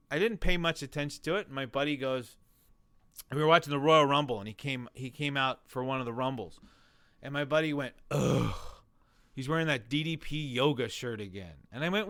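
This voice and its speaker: A man in his forties, a guest telling a long story in an interview, animated and rambling, full of restarts and acted-out quotes. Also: a little high, clear, resonant tone, no echo. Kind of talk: conversational storytelling.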